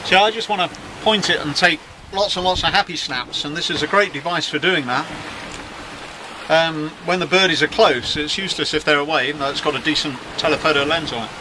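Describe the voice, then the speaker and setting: A middle-aged man chatting wryly in a casual video diary from the deck of a sailing yacht at sea. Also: on the high side. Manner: chatty, wry, self-mocking. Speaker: yacht skipper vlogging at sea. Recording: wind and wave noise on deck.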